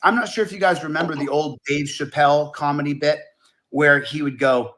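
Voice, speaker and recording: A man's voice: a little high, fairly quick, fairly bright tone. A man rambling through a monologue in a played video clip, repeating himself and stumbling over his words. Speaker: online video talker.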